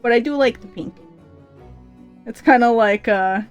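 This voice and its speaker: A woman's voice: on the high side, normal speed, pauses often, faint music behind. A young adult woman chatting casually on a livestream, rambling and chatty with lots of fillers and restarts. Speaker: streamer debuting a vampire persona.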